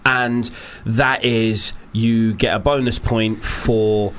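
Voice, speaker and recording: A man hosting a casual podcast quiz game, joking and swearing with friends and sometimes breaking into excited shouts. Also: on the low side, takes it slowly, slight background noise. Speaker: host.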